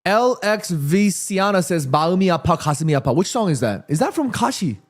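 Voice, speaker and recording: A man hosting a live football watchalong, reacting excitedly to the play and reading viewer comments aloud. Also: sits high, fairly quick. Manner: chatty, addresses viewers and reads their comments. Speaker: watchalong host.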